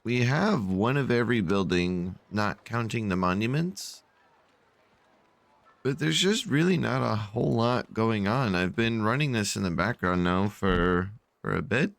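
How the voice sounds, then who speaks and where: A man's voice: on the low side, expressive, unhurried, gravelly, no echo. A sleepy man casually narrating his strategy game, rambling with many fillers and yawns, at a desk microphone at home. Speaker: gameplay channel host.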